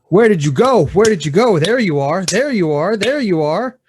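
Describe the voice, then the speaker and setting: A man's voice: on the high side, sing-song, moderate pace, a little hiss or hum. A man voicing an indignant, petulant four-year-old superpowered boy in a tabletop game. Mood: frantic.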